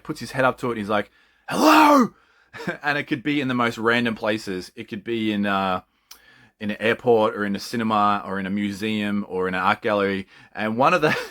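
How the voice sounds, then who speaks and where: A man's voice: lowish voice, fairly bright tone. A man chatting casually and with enthusiasm, often laughing and swearing freely. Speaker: collector. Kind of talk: casual chat.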